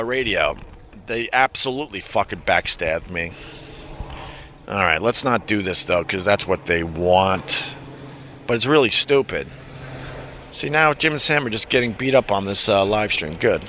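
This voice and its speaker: Bright-voiced man ranting on a live stream. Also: mid-range voice. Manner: profane, sardonic, reads chat aloud. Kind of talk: casual rambling live-stream chat. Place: New York.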